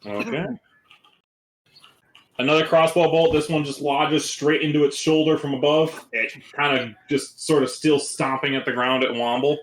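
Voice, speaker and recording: A man running a tabletop game as game master, narrating in a relaxed, loose way with fillers. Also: fairly high pitch, moderate pace, reverberant, low-quality recording.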